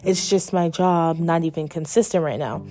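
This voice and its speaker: A woman's voice: lowish voice, fairly even intonation, normal speed, dark tone. A woman in her twenties telling a personal story in a candid, chatty way, full of "like" and the odd swear word. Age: 20s. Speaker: vlogger. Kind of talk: casual storytime.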